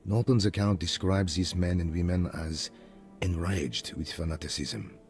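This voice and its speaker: Very deep solemn game narrator, measured and grave, reading old history. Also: male voice, fairly even intonation, darkish tone, soft background music. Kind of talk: scripted narration.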